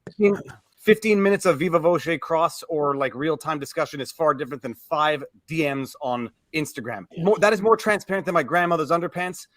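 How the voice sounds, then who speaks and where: A man's voice: fairly high pitch, expressive, a little fast, fairly bright tone, no room sound. A man on a video-call panel reading chat comments and making wisecracks. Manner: joking, wordy comparisons.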